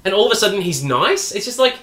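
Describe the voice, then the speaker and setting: A man co-hosts a casual podcast chat, his rather high voice jumping around a lot as he talks quickly. He rambles and restarts his thoughts with fillers. The recording has a roomy echo. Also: very animated, a bit bright. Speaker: podcast co-host.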